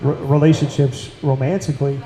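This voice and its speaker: A man's voice: mid-range voice, flat delivery, brisk, warm tone. Central new york guy, host, earnest and emphatic, repeats himself for weight, echoey room. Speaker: podcast host. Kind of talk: casual talk-show conversation.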